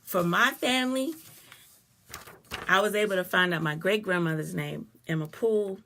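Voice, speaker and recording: A middle-aged woman giving a personal, expressive talk to live viewers, breaking off to greet them by name. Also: medium pitch, moderate pace. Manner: expressive, conversational, greets viewers mid-sentence. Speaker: speaker on a live stream.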